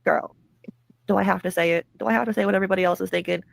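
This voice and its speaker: Woman with a very gravelly, creaky voice. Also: medium pitch, fairly even intonation, racing, no echo. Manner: mocking, blunt, heavy swearing. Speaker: commentary host. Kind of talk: commentary on online drama.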